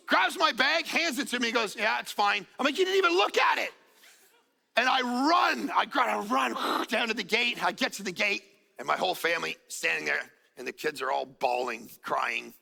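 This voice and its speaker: A high, gravelly man's voice, bright and forceful, delivering an animated sermon. He tells a story, acts out what people said, and jokes along the way. A long reverb from the church hall trails each phrase. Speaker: pastor. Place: church auditorium.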